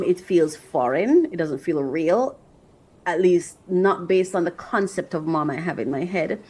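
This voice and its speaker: A woman hosting her own podcast, talking in a reflective, earnest way about her feelings and her faith, often pausing, restarting and searching for words. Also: fairly low pitch, low-quality recording. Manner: emotional, halting, many restarts and fillers. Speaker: podcast host and author. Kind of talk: reflective solo podcast monologue.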